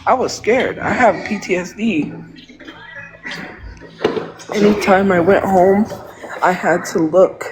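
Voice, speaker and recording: A woman's voice: mid-range voice, slow, pauses often, over music, low-quality recording. A woman talking on a phone livestream in an emotional, rambling way, leaning on "like" a lot. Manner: emotional, rambling, heavy use of "like". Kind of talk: casual livestream monologue.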